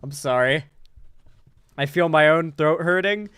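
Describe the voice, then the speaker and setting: A man's voice: a little high, unhurried, fairly bright tone, smooth, no room sound. A man hosting casual political commentary, sarcastic and rambling with lots of filler words. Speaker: host. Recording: dry close-miked room.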